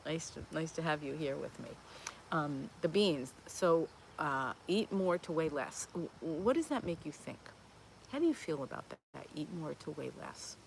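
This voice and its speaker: A woman's voice: low voice, lively intonation, moderate pace, creaky, slight background noise. A woman in her fifties hosting a live Q&A stream, chatting in a rambling way with lots of fillers and restarts as she answers viewer comments. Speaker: host of a plant-based cooking channel.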